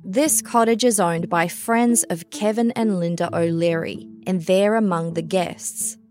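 A woman reading a scripted true-crime story in a measured, even storytelling manner. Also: lowish voice. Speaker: narrator. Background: faint music.

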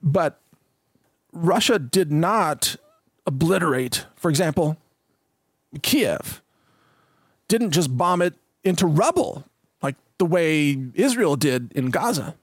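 A man delivers solo commentary in a fairly high voice, reading out quotes and then riffing on them. His talk is emphatic and loose, full of fillers and asides. The sound is dry and close, with no room around it. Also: animated, takes it slowly, pauses often, husky, no room sound. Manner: emphatic, conversational with frequent fillers. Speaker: political commentator.

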